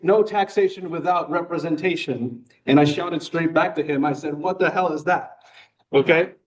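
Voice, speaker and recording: A man's voice: medium pitch, darkish tone. Man speaking from across a room. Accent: American. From Hong Kong. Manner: self-deprecating humor, occasional filler words. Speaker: new club member giving a talk. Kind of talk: prepared personal speech. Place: meeting room. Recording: voice picked up from a distance.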